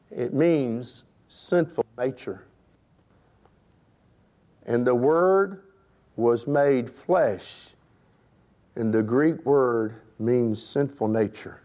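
A man's voice: a little high, a little mellow. A man preaching a sermon to his congregation, emphatic and rhetorical, addressing them directly. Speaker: pastor.

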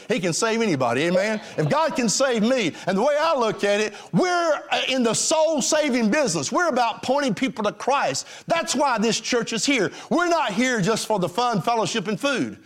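Animated, high-voiced preaching man. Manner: animated preaching, swinging between high emphatic lines and low hushed ones; folksy, addresses the congregation directly. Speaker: pastor. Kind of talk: sermon.

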